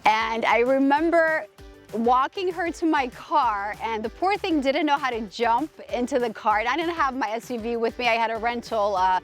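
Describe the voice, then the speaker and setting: A woman's voice: on the high side, expressive, normal speed, faint music behind. A woman host telling a personal story in a casual, rambling way, emphatic and gushing, with many restarts. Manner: rambling, full of restarts and fillers.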